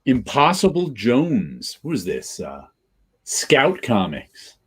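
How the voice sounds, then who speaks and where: A man's voice: mid-range voice, wildly swooping pitch, slow pace, a bit bright, breathy edge. A man co-hosting a podcast, chatting casually about comics in a rambling way, often repeating phrases to hear how they sound. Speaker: podcast co-host.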